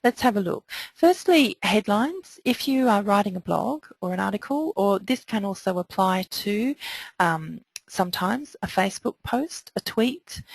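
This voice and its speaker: Woman with a gravelly voice. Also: medium pitch, no room sound, rough recording. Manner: conversational, strings of rhetorical questions. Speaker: webinar presenter. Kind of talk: online training webinar.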